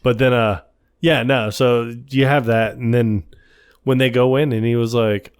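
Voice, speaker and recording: A man's voice: medium pitch, moderate pace. A man co-hosting a podcast, recapping a film in casual chat, quoting scenes in funny voices and laughing often. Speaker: podcast co-host.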